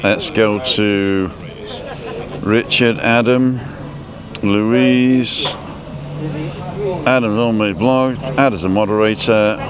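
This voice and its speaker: With a crowd and street noise behind him, a man streaming live outdoors reads viewer comments and tweaks his settings in a rambling, casual way. His fairly low voice is steady and slow, with long pauses.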